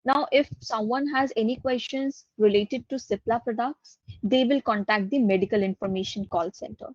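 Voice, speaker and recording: A woman's voice: fairly high pitch, normal speed, dry recording. A woman with an Indian English accent giving an online course lecture, explaining things step by step and repeating her key points. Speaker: guest lecturer. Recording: dull lo-fi dry audio.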